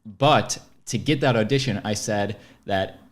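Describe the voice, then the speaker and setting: A man's voice: on the low side, unhurried. A man co-hosting a podcast in casual chat, telling a story and laughing at himself. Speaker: podcast co-host.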